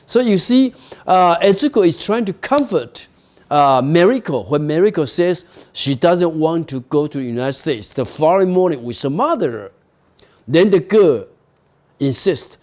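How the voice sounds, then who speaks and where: Male professor, slow deliberate delivery, animated rising pitch, emphatic rhetorical questions. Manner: reads quoted passages aloud, then explains them with many rhetorical questions; slow and emphatic, with fillers and repeated words. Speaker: literature professor. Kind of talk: university lecture.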